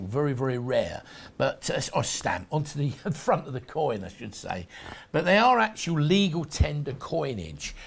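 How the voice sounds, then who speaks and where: Man, TV shopping host, gravelly husky voice, lively rising and falling pitch, rambling sales patter. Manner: chatty, rambling sales patter with frequent restarts. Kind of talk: sales presentation.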